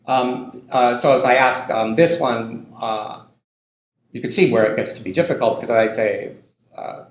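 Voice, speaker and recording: A male university lecturer talks a class through a point in a relaxed, conversational way, and he often checks in with the listeners. His pitch sits in an ordinary middle range. The room is echoey, like a lecture hall. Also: normal speed. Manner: loose and conversational, many ums and tag questions.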